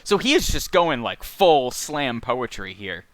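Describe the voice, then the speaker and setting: A man hosting a casual live-streamed book club, reading passages of a novel aloud with slow rhythm and chatting about them. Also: medium pitch, big pitch swings, crowd noise. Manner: reads passages slowly and rhythmically, then chats quickly. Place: home setup, streamed live.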